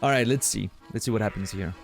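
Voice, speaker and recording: A man streaming a game, chatting casually in an excitable, laughing, self-deprecating way. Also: lowish voice, fast, vocal fry, soft background music. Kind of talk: casual gameplay chat.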